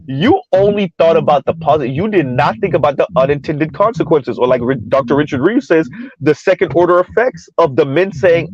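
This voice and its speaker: A man's voice: on the high side, animated, brisk, darkish tone, muffled recording. A man talking casually and emphatically, firing rhetorical questions and repeating himself. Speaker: podcast host. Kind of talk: casual debate talk.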